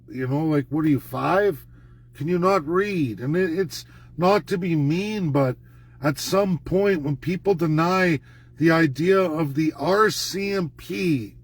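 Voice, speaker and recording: A man's voice: fairly high pitch, no room sound. A man from Canada delivers a heated political monologue, indignant and emphatic. He circles back to the same points again and again, with a slightly raised voice, and the recording is dry with no room sound. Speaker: political commentator. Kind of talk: ranting monologue.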